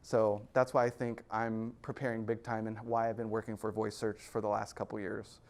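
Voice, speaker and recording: A man's voice: lowish voice, normal speed. Joking man giving a talk. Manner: energetic and joking, laughs between points. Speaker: guest speaker at an investor club. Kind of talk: live presentation to an audience.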